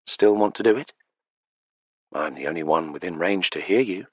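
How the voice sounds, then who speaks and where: A man's voice: normal speed, husky, dry recording. A man voicing a playful, spirited young vampire noblewoman in an audiobook, lilting and teasing. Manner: lilting, teasing, raised pitch. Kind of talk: audiobook character voice. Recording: dry close studio sound.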